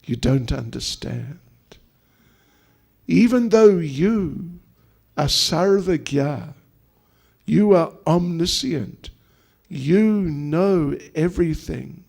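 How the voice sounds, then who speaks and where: A man voicing a devoted, tearful queen who insists softly and repeats herself. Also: on the high side, gravelly, slightly rough, heavily acted. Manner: soft, insistent repetition. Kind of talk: acted quotes within a sermon.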